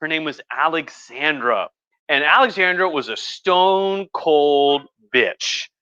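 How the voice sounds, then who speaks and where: A man's voice: fairly high pitch, animated, takes it slowly, bright, forceful tone, clean tone, dry recording, muffled recording. Tipsy man rambling through a history lecture. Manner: rambling, profane, chatty, many restarts. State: drunk. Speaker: history professor. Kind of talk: casual livestream history lecture.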